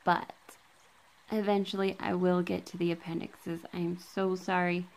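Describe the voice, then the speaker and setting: A woman with a lowish voice reads book passages at normal speed with a flat delivery, saying quote and end quote for each one. This vlogger makes casual asides and says um a lot while filming on a handheld camera she holds herself, and the recording is rough.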